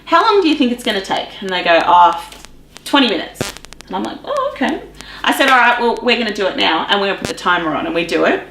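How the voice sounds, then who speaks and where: Aussie woman chatting fast and animated, does little voices for her clients, echoey room. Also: mid-range voice, slight background noise. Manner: animated, acts out client conversations. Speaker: guest, professional organiser. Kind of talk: casual interview chat.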